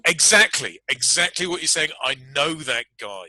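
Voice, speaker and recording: Bright-toned British man moderating a panel. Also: a little high, animated, moderate pace, no room sound, rough recording. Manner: self-deprecating, chatty, laughs often. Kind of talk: panel discussion chat.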